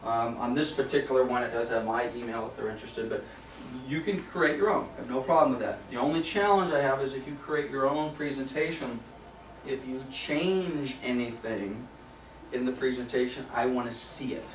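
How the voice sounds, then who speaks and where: A man's voice: mid-range voice, steady tone, normal speed, distant mic, a little hiss or hum. A man presenting a property management training class in a casual, conversational way, often checking in with "okay?". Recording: roomy sound from off mic.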